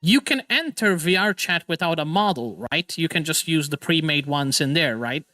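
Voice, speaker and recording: A man hosting a casual live stream as a VTuber, excitable, stammering and often laughing or swearing. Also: a little high, moderate pace, dry recording, faint music behind.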